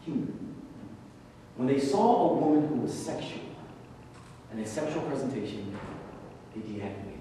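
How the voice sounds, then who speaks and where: A man's voice: mid-range voice, animated, moderate pace, pauses often, mellow. Echoey man lecturing a class. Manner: repeats key phrases, asks rhetorical questions; casual, conversational delivery. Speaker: religious class instructor. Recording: very echoey hall, far from mic, noisy.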